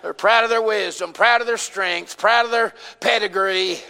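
A man's voice: high voice, fairly even intonation, moderate pace, pushed and bright, smooth, long reverb tail. A man with a Southern US accent preaching a sermon, folksy and emphatic, calling out to his congregation.

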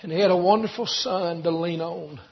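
A man preaching a sermon, shifting from quiet storytelling to shouted preaching. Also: high voice, normal speed, gravelly. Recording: dull lo-fi recording.

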